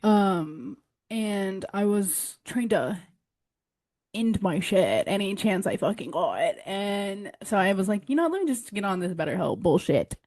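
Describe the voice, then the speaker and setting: Young woman podcast co-host, easygoing and candid, quick to laugh. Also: mid-range voice, big pitch swings, darkish tone. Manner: laughs easily, loose and candid. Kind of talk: casual chat.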